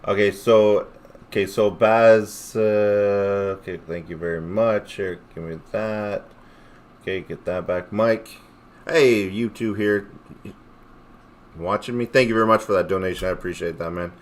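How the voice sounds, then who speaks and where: A man hosting a livestream in a loose, rambling rant, full of jokes and swearing. His voice sits a little low. He talks straight to his chat. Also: steady tone, unhurried. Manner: rambling, swears a lot, jokey. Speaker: livestream host.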